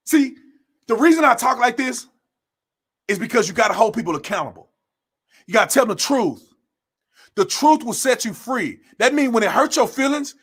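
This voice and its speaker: High-voiced blunt scolding man. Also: fairly bright tone. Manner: blunt, scolding, preacher-like cadence with repeated phrases. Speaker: commentator hosting his own show. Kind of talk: impassioned monologue.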